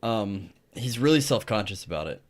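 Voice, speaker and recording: Male podcast co-host, lowish voice, casual storyteller who swears and teases. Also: animated, normal speed.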